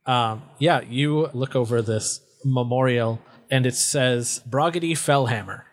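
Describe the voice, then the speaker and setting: A man's voice: mid-range voice, steady tone. Man running a tabletop game. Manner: slow, deliberate narration. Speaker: game master.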